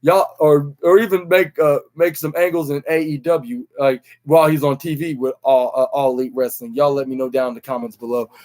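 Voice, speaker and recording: A man's voice: mid-range voice, steady tone, fairly quick, hardly any pauses, darkish tone. A young man hosting a podcast, recapping a wrestling show in a rambling, casual way, full of fillers and restarts and acting out the lines he quotes. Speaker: podcast host.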